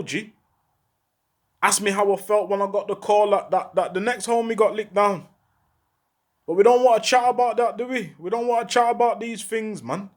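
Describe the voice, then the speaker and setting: Urgent high-voiced talker. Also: male voice. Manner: urgent, repeats rhetorical questions, heavy street slang. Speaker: former prisoner speaking out. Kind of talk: impassioned monologue to camera.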